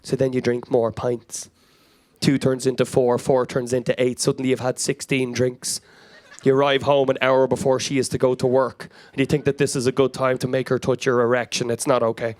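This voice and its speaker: A man's voice: mid-range voice, level tone, fairly quick. An Irish man in his thirties performing a frenetic, anecdotal stand-up comedy set to a live crowd. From Ireland. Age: 30s. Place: comedy club stage before a live audience.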